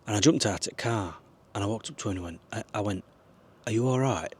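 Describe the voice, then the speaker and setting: Guy rambling earnest advice, lowish voice, bit of faint hiss behind. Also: fast. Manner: rambling, earnest, swears now and then. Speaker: vlogger. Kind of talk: casual advice talk to camera.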